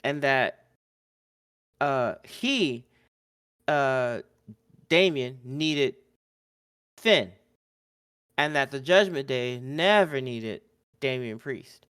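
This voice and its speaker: Slow-paced, smooth-voiced man recapping wrestling. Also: mid-range voice, no room sound, clean studio sound. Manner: animated storytelling, mimics wrestlers' lines, laughs often. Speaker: podcast co-host. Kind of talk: casual wrestling recap chat.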